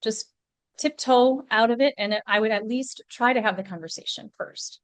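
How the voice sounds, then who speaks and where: A woman's voice: fairly high pitch, normal speed, no echo. A woman guest in a casual podcast conversation, talking in a chatty way with lots of "like" fillers. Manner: chatty, many "like" fillers, animated.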